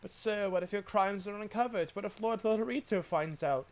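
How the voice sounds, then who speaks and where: A man's voice: high-pitched, normal speed, voice pushed up, natural voice. A man voicing an earnest young male guard who reports a crime and pleads with his captain, reading game dialogue aloud. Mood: alarmed.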